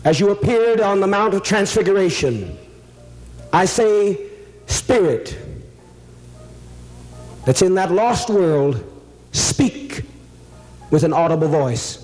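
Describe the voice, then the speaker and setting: A man acting as a spirit medium in a seance, commanding and solemn, with sudden higher pleas. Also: expressive, takes it slowly, pauses often, a little mellow, faint music behind, rough recording. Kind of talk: dramatic seance invocation.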